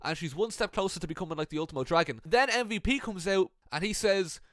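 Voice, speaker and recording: A man casually recounting made-up wrestling storylines in a playful way, with swearing and quick asides. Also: high voice, a bit bright, no room sound, clean studio sound. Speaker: wrestling fan video creator.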